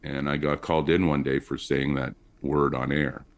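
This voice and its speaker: Deep-voiced chatty male comedian. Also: moderate pace. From Montreal, Canada. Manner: chatty storyteller with lively pitch swings. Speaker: comedian guest. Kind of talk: casual interview chat.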